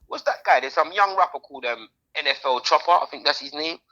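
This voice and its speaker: Fast, animated man, lo-fi sound. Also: on the high side. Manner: animated, slangy, talks over others. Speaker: podcast co-host. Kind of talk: casual chat.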